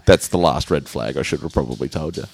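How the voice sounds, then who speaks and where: A man co-hosting a podcast in casual chat, explaining things slowly and trailing off. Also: a bass voice, gravelly, a little hiss or hum. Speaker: podcast co-host.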